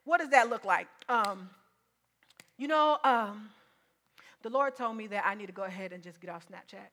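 A woman's voice: medium pitch, normal speed, fairly bright tone. A woman preacher giving a sermon in an emphatic, conversational way, often repeating her points.

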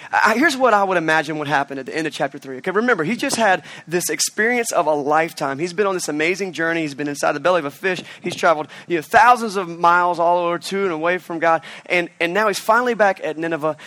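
A pastor preaching an outdoor sermon, telling the story with animation and acting out the quotes. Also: male voice, high voice, pushed and bright, no echo. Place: outdoors in a park.

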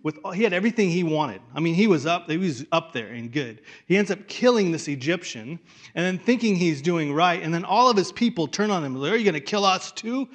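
A man preaching a sermon in a conversational way, restarting phrases and dropping to a hush for weight. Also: on the high side, animated, fairly quick. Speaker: pastor.

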